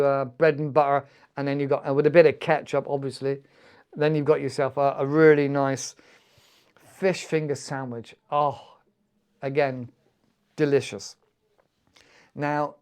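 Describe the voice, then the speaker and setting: A middle-aged man hosting a podcast, chatting in a relaxed way with lots of fillers and restarts. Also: fairly high pitch, smooth. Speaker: podcast host. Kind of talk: casual talk for English learners.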